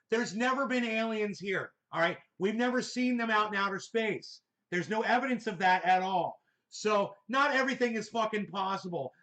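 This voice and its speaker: Male host, high-pitched, angry profane reaction commentary. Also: fairly bright tone. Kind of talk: ranting commentary over clips.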